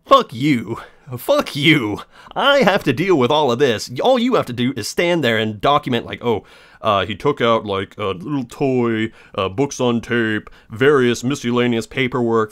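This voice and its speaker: A young man vlogging a casual story about his day, swearing freely and sarcastically mimicking people he met. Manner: animated, profane, sarcastic, mimics others in high voice.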